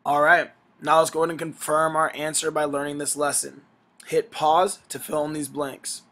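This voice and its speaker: A science teacher with a sick, strained voice, giving a brisk recorded lesson that speaks straight to his students. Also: on the high side, little pitch movement, fairly bright tone. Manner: brisk, instructive, addressing students directly.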